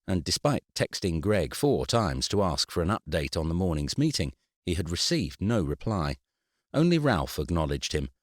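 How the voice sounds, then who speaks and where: Male audiobook reader, very deep, lively wry delivery, dry close sound. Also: dry recording. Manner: wry, expressive storytelling. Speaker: audiobook narrator. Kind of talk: scripted narration.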